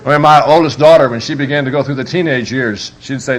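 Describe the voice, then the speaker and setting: Guy preaching at a workshop, funny, punchy, swings loud and soft, average pitch. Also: brisk, slight background noise. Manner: lively, joking, emphatic storytelling. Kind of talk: humorous live workshop talk.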